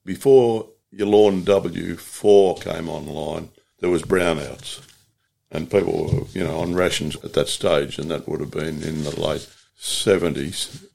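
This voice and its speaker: A man's voice: low-pitched, fairly even intonation, unhurried, gravelly, darkish tone. An older Australian man, a union organiser, telling stories from his working life in a plain-spoken, rambling way in an interview. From Latrobe Valley, Australia. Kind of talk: reflective interview storytelling.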